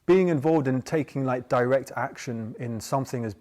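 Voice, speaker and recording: In an informal dharma talk, a man with a middle-pitched voice gives a relaxed Buddhist teaching at normal speed. He's chatty and loose, rambling, restarting often, and checking in with listeners by tagging points with "yeah?".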